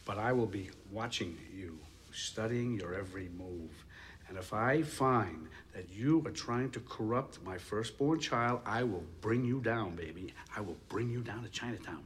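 A man's voice: fairly low pitch, a little hiss or hum, natural voice. An actor playing a menacing stern father. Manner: slow, quietly menacing, deliberate. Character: stern suspicious ex-military father, middle-aged. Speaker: film character.

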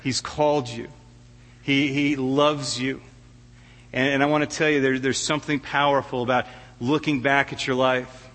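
A man's voice: mid-range voice, little pitch movement, moderate pace, fairly bright tone, long reverb tail. A middle-aged man preaching a heartfelt sermon as a guest preacher, often stammering and restarting his words. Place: church sanctuary.

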